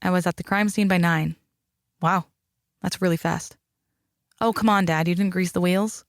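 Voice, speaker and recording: A man voicing a sharp, wry young woman coroner in an audiobook, with dry, teasing banter. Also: sits high, fairly even intonation, normal speed, dry recording.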